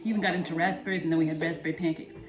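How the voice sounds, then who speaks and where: A woman's voice: sits low, steady tone, rapid-fire, lightly acted. A woman playing a brassy, chatty Italian-American cooking show host with a New Jersey accent, rambling from one tangent to the next. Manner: rambling, jumps between tangents, brash. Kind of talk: comic character monologue. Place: home kitchen. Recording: echoey home kitchen.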